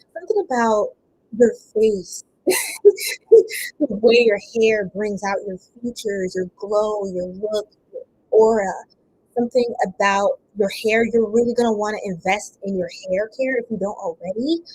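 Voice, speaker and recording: A woman reading tarot cards on a casual livestream, chatting with viewers, laughing often and breaking into bits of song, with a voice strained from not warming up. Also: mid-range voice, slightly rough, rough recording. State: voice a bit strained, not warmed up. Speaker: tarot reader.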